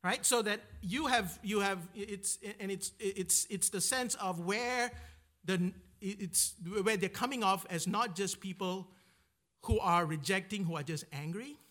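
A man's voice: sits high, measured pace, a bit bright. A man teaching a Bible passage in a conversational sermon style, checking in with "right?" and restarting his sentences often. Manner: conversational, asks "right?" constantly, restarts and repeats words.

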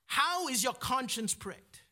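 A man's voice: very high voice, animated, slow, pushed and bright. A man preaching a sermon, often asking his listeners "right?" and repeating words as he searches for the next phrase.

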